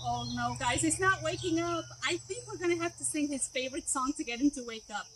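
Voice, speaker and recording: A woman librarian hosting a children's storytime, animated and sing-song as she talks to the kids. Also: extremely high pitch, a little fast, few pauses, a loud crowd, heavy background noise.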